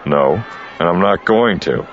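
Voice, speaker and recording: A man voicing a blunt, gruff male smuggler who answers in terse, growling comebacks. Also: sits low, animated, a little slow, lo-fi sound, some chatter behind, a little hiss or hum. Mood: guarded.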